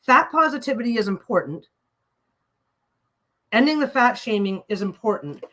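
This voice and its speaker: This low-quality recording captures a woman whose voice is on the high side and fairly bright. Animated and talking at normal speed, she hosts a casual sewing livestream, ranting bluntly and swearing freely.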